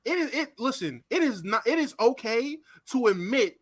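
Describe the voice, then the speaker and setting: High, animated man ranting. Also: moderate pace. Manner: loud, ranting, profane. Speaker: podcast co-host. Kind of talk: casual podcast chat.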